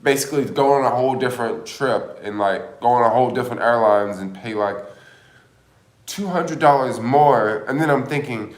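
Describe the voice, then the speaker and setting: A man's voice: medium pitch, lively intonation, a little fast, echoey room. A man hosting a casual livestream, chatting and rambling with lots of filler words. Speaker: livestream host.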